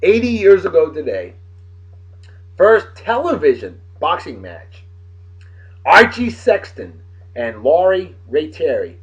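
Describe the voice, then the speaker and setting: Speaking slowly with long pauses, a man from Martha's Vineyard, Massachusetts, hosts a casual daily beer video in his local accent. His slightly high voice swoops wildly as he reads this-day-in-history facts with profane wisecracks, over a dull lo-fi recording.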